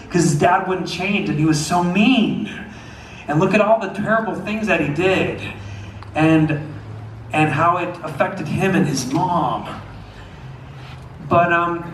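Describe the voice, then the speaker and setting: A man's voice: fairly high pitch, slight background noise. A young man with a slight Southern twang, a singer chatting between songs at a concert, rambling with lots of fillers. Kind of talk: concert stage talk. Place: concert venue. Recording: echoey venue from far off.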